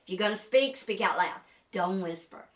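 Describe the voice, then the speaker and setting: A woman's voice: mid-range voice, normal speed. Older lady investigator telling a story, chatty, lots of ums, echoey room. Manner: chatty, lively storyteller with many fillers. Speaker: paranormal investigator. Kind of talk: casual storytelling to camera.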